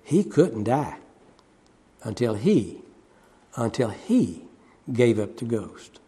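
A man preaching a sermon. He swings from loud, high cries to hushed low asides, repeating phrases and chuckling as he goes. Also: very animated, takes it slowly, breathy edge.

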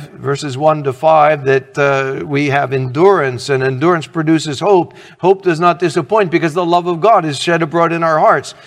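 A man's voice: a little high, fairly bright tone, in a large hall. A middle-aged man preaching a sermon as pastor, earnest and conversational, asking the congregation questions.

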